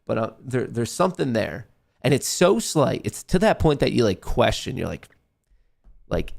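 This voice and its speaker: Nasally guy rambling on his trading stream, swears a lot, kinda gravelly. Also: medium pitch, sing-song, moderate pace, darkish tone. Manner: rambling, joking and profane. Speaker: livestream trading show host. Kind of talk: casual livestream chat while trading.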